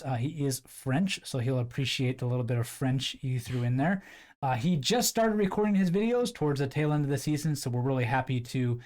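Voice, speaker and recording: A man's voice: fairly high pitch, darkish tone. A man hosting casual esports commentary, friendly and filler-heavy as he introduces the match. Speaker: host commentator.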